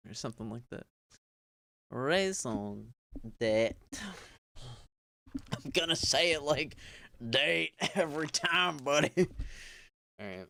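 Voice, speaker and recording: A man reads a dense book aloud on a live stream, slowly and haltingly, stopping to retry hard words and swearing as he goes. His voice is smooth and clear. It is picked up close and dry on a desk mic. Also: a little high, animated, bright, forceful tone, no room sound. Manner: slow, halting read-aloud with stumbles, retries and casual swearing. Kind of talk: casual live-stream reading.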